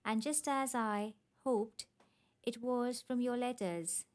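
A woman voicing a pleasant, matter-of-fact gentleman in a storybook reading. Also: fairly high pitch, fairly even intonation, slow.

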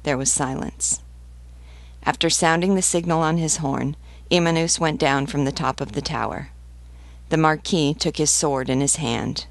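A woman, a literature teacher, reading a novel aloud in a measured, deliberate way. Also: sits low, fairly even intonation, no echo. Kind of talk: audiobook narration of a novel.

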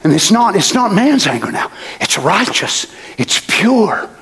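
High, impassioned preacher. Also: male voice, sing-song, unhurried. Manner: impassioned, swinging from shouts to whispers. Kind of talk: sermon.

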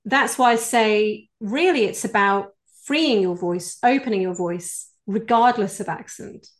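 A woman's voice: medium pitch, unhurried. A British woman, a voice coach, answering interview questions in an earnest, explanatory way. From United Kingdom. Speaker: executive voice coach, guest.

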